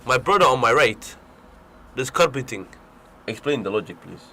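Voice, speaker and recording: A young man with a Leicester accent, co-hosting a casual radio chat, talking quickly and excitably, teasing and stumbling over his words. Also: medium pitch, a little hiss or hum. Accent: Leicester English. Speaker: radio show co-host. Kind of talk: casual banter.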